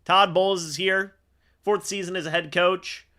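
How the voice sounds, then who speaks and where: A young man hosting a live fan reaction stream, calling the plays as he watches and getting excitable on big moments. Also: sits high, moderate pace. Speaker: fan livestream host.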